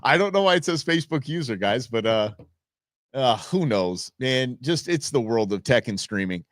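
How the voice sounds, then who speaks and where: A man's voice: medium pitch, animated, normal speed, a bit bright, dry recording, studio quality. A middle-aged man hosting a live talk stream, rambling through his points with many fillers and restarts. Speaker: show host.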